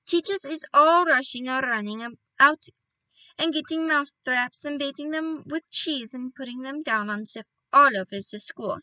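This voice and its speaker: A gloating, shouting witch queen, ancient and fierce, who mangles her grammar and crows over her plans, put on by a woman reading aloud. The voice sits high and bright, with a tight, close, dry sound. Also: normal speed, dry recording, rough recording.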